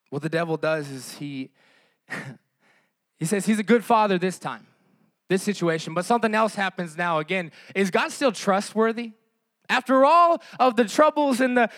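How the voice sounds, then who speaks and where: High-voiced preaching man, dry sound. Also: a bit bright, dry recording. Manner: impassioned, rhetorical repetition with frequent fillers. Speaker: pastor. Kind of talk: sermon.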